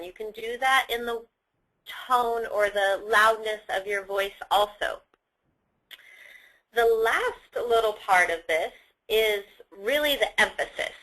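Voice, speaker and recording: A woman delivers a sales training lecture on using tone and emphasis over the phone, instructively demonstrating stress on example sentences. Her voice is on the high side and a bit bright, and the recording is rough.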